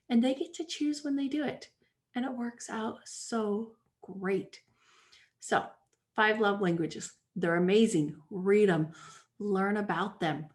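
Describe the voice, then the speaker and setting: A woman hosting her own podcast, talking casually and giving advice. She is chatty and animated and acts out bits of quoted dialogue. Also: mid-range voice. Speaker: podcast host and life coach.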